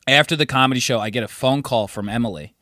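A man's voice: quick pace, dry recording, studio quality. A man casually telling a rowdy story on a podcast, swearing a lot and acting out his friends' lines. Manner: animated storyteller, swears freely, acts out friends in high voices. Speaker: podcast co-host.

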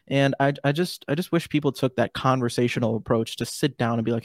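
A male podcast host who talks loosely and circles around his point, stacking fillers and restarts as he thinks aloud. His voice sits at an ordinary middle pitch for a man. The recording is close and dry, with almost no room sound. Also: quick pace, few pauses, dry recording. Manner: rambling, many fillers and restarts. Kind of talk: casual podcast conversation.

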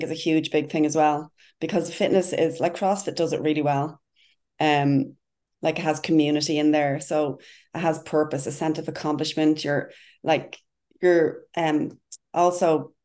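A woman's voice: sits low, darkish tone. A woman talking as a guest in a casual podcast conversation, speaking passionately and eagerly in a rambling way about coaching.

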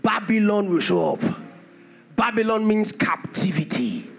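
A male pastor preaching a fervent sermon, repeating key phrases and building to shouts. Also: high-pitched, animated, unhurried, gravelly, husky.

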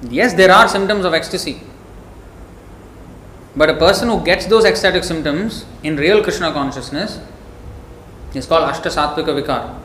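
Man in his own voice preaching a sermon, forceful and scolding in tone, recorded in a reverberant room with light background noise. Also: fairly high pitch, normal speed, long pauses. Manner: emphatic, scolding, storytelling. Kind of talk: devotional sermon.

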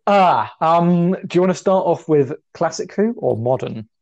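A man's voice: a little high, expressive, a little slow, gravelly, darkish tone. A young man co-hosting a podcast, chatting in a rambling way and often pulling the talk back on track. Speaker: podcast co-host. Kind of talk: casual chat. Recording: dull lo-fi sound.

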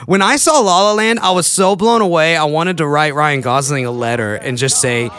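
A young man chatting casually as a podcast host, rambling between mumbled asides and excited outbursts. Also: on the high side, moderate pace, clean tone, no room sound, clean studio sound. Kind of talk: casual solo chat.

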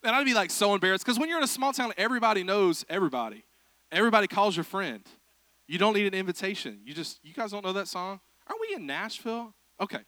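Bright-voiced preacher, joking. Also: male voice, sits high, big pitch swings, fast, no echo. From South Georgia, USA. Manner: joking, chatty, self-deprecating. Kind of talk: humorous sermon. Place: church.

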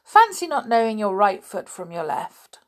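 A woman voicing a sensible little boy who talks in a brisk, impatient, matter-of-fact way. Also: mid-range voice, very animated, voice pushed up, lightly acted.

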